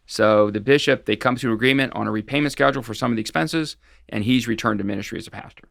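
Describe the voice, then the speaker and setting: A man's voice: mid-range voice, fast talker, vocal fry, fairly bright tone, no echo, studio quality. A middle-aged man, a guest expert on financial fraud, recounting cases in a casual interview, rambling along with frequent restarts and fillers.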